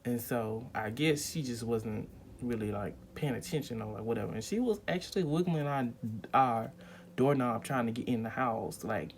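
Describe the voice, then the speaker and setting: A man's voice: mid-range voice, normal speed, a little hiss or hum. A young man telling a rambling, emphatic storytime vlog at home, full of fillers and acted-out quotes. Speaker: vlogger.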